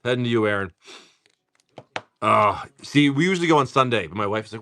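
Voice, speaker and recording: A man's voice: lowish voice, animated, brisk, long pauses, fairly bright tone, no room sound. A tired middle-aged man hosting a live card-opening stream, casually chatting, teasing viewers and swearing freely. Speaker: card-breaking stream host.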